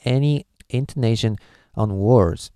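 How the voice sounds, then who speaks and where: A man's voice: medium pitch, a little slow, warm tone, smooth, dry recording. A man from Japan, a native Japanese speaker with a Japanese accent, giving a casual language lesson, hesitant with many filler uhs as he sounds out syllables. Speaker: language teacher.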